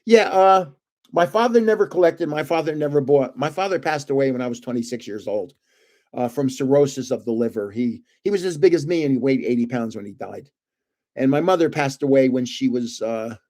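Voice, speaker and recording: A man's voice: mid-range voice, normal speed, darkish tone. An older man hosting his card collecting channel, chatting casually to viewers in a rambling, talkative way with many fillers and restarts.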